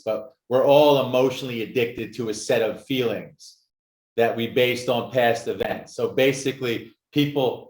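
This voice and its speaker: In a podcast interview, a man who works as an addictions success coach tells his story with emphatic, animated energy. His voice is mid-range, and the recording has a roomy echo.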